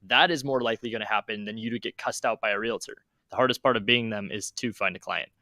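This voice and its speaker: A young man with a bright, forward voice gives confident, emphatic coaching on calling agents. His delivery is quick and punchy, and the sound is close and dry, with no room around it. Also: lowish voice, no echo. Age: 20s. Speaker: real estate agent and show host. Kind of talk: casual coaching talk on a livestream.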